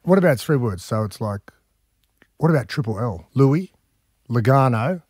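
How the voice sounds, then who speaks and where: A man's voice: medium pitch, lively intonation, normal speed, heavy background noise. A man co-hosting a radio breakfast show, teasing and repeating lines for laughs. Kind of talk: playful radio banter.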